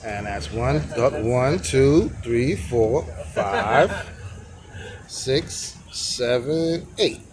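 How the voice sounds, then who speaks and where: A man's voice: medium pitch, lively intonation, extremely slow, a little mellow. A man running a sidewalk tea stand, casually teaching characters in a rambling vlog and counting strokes aloud. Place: outdoor sidewalk stand by a street.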